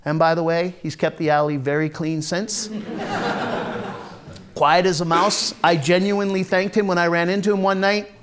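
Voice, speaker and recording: A man with a slightly high-set voice tells his own story on a theatre stage. His delivery is wry and confessional, plainspoken and salted with swearing. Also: fairly even intonation, measured pace, a crowd in the background. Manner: wry, confessional, blunt and profane. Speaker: solo stage performer. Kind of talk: autobiographical one-man show monologue.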